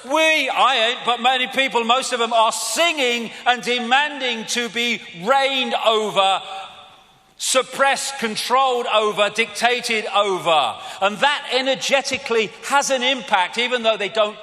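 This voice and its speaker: A British man giving a live arena talk, animated and mocking, often swearing. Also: very high-pitched, unhurried. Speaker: public speaker. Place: large arena. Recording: arena reverb with faint crowd.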